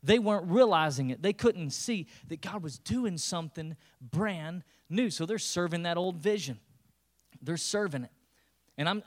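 Pastor with a higher voice, humorous and lively. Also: male voice. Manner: lively, humorous storytelling with playful character voices. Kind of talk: sermon.

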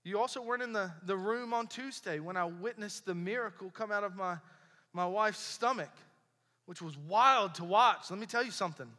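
A young pastor delivers a sermon in a high, bright voice. He preaches conversationally and hammers points home with repetition. His voice rings out in a reverberant church hall. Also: moderate pace. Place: church sanctuary.

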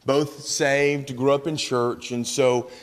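A man's voice: medium pitch, level tone, slow, in a large hall. Southern man telling stories in church. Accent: East Tennessee Southern. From East Tennessee. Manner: folksy storytelling with restarts. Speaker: missionary speaker. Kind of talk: church missions presentation. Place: church sanctuary.

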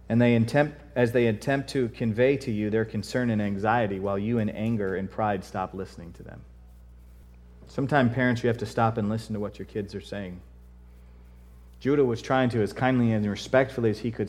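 A man preaching a sermon, reading scripture and acting out the quoted lines with rising force. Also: mid-range voice. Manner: animated, acts out quotes in raised voice.

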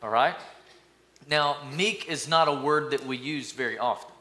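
Male pastor, upbeat sermon, bright tone, banters with congregation. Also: moderate pace. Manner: energetic, playful, calls for responses from the congregation; acts out mock voices with sudden high-pitched bursts.

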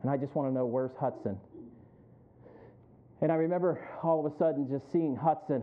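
A man's voice: fairly quick, pauses often. Tinny-sounding preacher man, storytelling sermon. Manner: storytelling that builds to loud, high preaching. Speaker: pastor.

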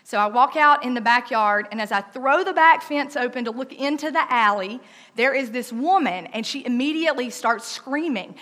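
A woman telling a personal story in a lively, conversational way, with frequent "um" and "like". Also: sits high, moderate pace.

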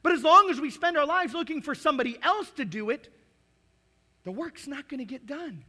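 A man in his forties preaching a sermon, animated, with humor and acted-out asides. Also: very high-pitched, fairly quick. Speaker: pastor.

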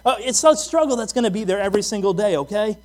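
A man's voice: sits high, animated, fast, a little mellow. A man preaching a sermon as pastor, talking casually, telling stories about himself and asking the listeners questions. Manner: conversational preaching with personal stories and rhetorical questions.

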